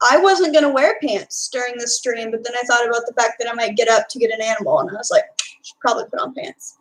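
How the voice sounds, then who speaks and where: A woman's voice: on the high side, fast, poor audio. A young woman from Texas with a Texan accent, chatting casually on a live stream and answering her chat. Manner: chatty, reads and answers chat, filler-heavy.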